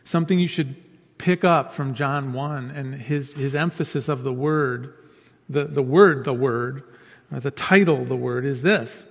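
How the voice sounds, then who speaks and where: A man's voice: medium pitch, measured pace, gravelly. A man preaching a sermon in an earnest way, repeating key phrases for emphasis. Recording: long hall reverb.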